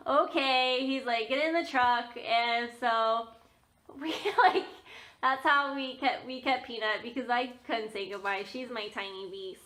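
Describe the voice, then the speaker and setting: Bright, high-voiced young woman vlogger. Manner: chatty storytelling, many fillers and laughs. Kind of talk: casual chat to camera.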